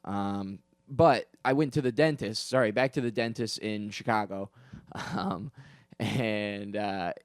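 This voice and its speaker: On his podcast, a young adult man rambles through a comedic story, drifting into tangents and circling back with lots of "like," "um," and restarts. His voice is a little low and a little slow, recorded dry and close with no room sound. He swears casually and tosses in self-deprecating asides.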